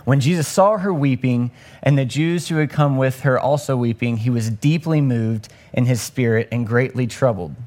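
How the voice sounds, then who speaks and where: A young man giving a casual, conversational sermon and acting out the voices in the story. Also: a little mellow. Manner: conversational, acts out the story's voices with rising pitch. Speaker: preacher.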